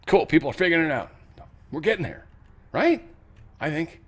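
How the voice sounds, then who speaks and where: A man's voice: fairly high pitch, animated, fairly quick. A man hosting an online commentary show, rambling and joking as he reacts to news clips, trailing off and laughing at himself. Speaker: show host.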